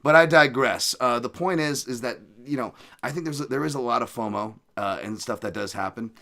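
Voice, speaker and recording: A man's voice: medium pitch, brisk, vocal fry, sharp tone. A man hosting a podcast, rambling casually with jokes and profane asides. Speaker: podcast host.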